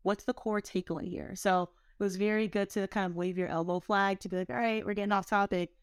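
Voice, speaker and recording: A woman's voice: medium pitch, fairly even intonation, fast talker, clear, resonant tone, no echo, clean studio sound. A woman in her thirties, a healthcare executive, chatting as an interview guest in a friendly, conversational way. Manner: friendly, conversational, uses "like" often. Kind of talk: casual interview chat.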